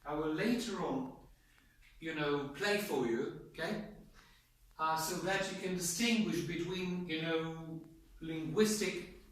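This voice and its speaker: A man's voice: on the high side, a bit bright. A man teaching an English pronunciation class, prompting students and drawing out example words. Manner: prompting, drawn-out model words. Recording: echoey classroom from far off.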